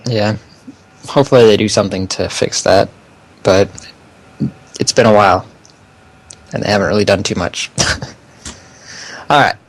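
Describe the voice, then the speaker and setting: A man's voice: on the low side, steady tone, a little slow, long pauses. A young man co-hosting a casual podcast, laughing often and stumbling through the news he reads. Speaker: podcast co-host.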